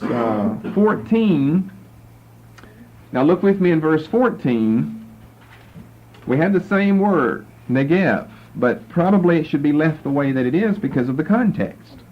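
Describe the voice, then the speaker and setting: A man teaching a Bible class and patiently walking listeners through verses and Hebrew words. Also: mid-range voice. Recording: dull lo-fi lecture recording with faint noise.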